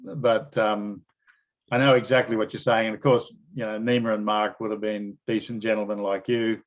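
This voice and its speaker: A man interviewing a guest and telling animated stories in a casual, slangy way. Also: on the low side, moderate pace, dull audio. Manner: animated storyteller, blokey slang.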